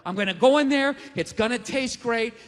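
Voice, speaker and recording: A man's voice: very high-pitched, moderate pace, in a large hall. A man in his forties doing a stand-up comedy set, ranting and profane, with sarcastic asides. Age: 40s. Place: comedy stage.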